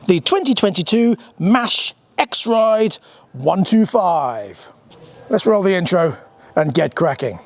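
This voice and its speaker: A British man presenting a motorcycle review in a chatty, scripted walkthrough. His voice sits a touch high for a man, and he slips in dry asides and the odd um. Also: sing-song, slow pace, dry recording. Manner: dry humour, chatty with filler ums. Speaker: motorcycle reviewer and channel host.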